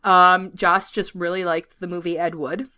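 Thirtyish woman on a podcast, bright voice, chatty, laughs a lot and swears. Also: on the low side, flat delivery, normal speed. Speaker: podcast co-host. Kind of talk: casual chat.

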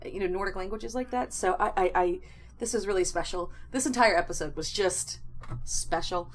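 A woman's voice: medium pitch, brisk. A woman co-hosting a casual podcast chat, in a wry, sardonic way. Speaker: podcast co-host.

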